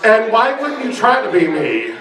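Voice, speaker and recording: A man in drag roasting his friends before a live audience, his high voice cutting through loud crowd noise. He is bawdy and brash and shouts his punchlines. The sound is roomy and distant, as if caught from across an echoing bar function room. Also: wildly swooping pitch, moderate pace.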